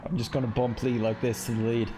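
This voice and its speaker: A man's voice: medium pitch, level tone, quick pace, background noise. A man streaming a racing game, chatting casually with friends and laughing often. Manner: laid-back, laughs often. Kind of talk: casual gaming chat.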